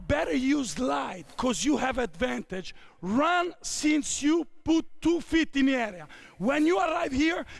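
An Italian man in his fifties with an Italian accent coaches basketball players through drills on an indoor court, barking short commands. His voice is very high-pitched and creaky.

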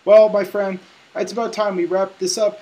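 A man hosting an interview, talking in a relaxed, friendly and chatty way. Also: high-pitched, moderate pace, rough recording. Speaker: host. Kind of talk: casual interview chat.

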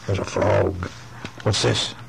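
A father reading a picture book aloud to his child at home, playful and animated, with chatty asides. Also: sits low, takes it slowly, vocal fry, heavy background noise. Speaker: father reading a bedtime story.

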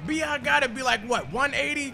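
A man giving hyped gameplay commentary, shouting and trash-talking at the game. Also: very high-pitched, animated, fairly quick, creaky, some chatter behind. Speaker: gaming video creator. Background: music.

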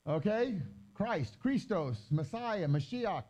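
A man giving a conversational Bible teaching with slides, reading scripture slowly and explaining it in loose, chatty asides. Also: sits high, lively intonation, a little mellow, faint music behind, poor audio. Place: gathering hall during a live-streamed event.

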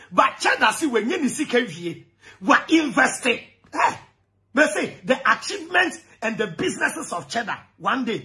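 A man with a Ghanaian accent giving an animated political rant, shouting and laughing as he mixes English with Twi. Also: extremely high pitch. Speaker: commentator.

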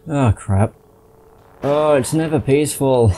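A man's voice: mid-range voice, normal speed, mellow, soft background music. A man commenting casually on his gameplay, muttering to himself and swearing when frustrated. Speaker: gamer doing a playthrough.

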